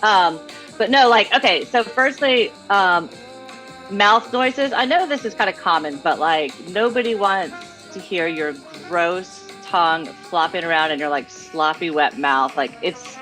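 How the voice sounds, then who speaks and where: A woman comedian from North Carolina, bubbly and animated, ranting about pet peeves on a podcast. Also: on the low side, a little slow, faint music behind. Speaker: comedian guest.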